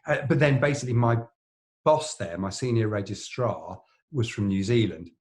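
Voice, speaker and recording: Low-voiced man telling rambling anecdotes. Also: moderate pace, a little mellow. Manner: rambling, anecdotal, frequent restarts and fillers. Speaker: plastic surgeon, podcast co-host. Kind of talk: casual storytelling chat.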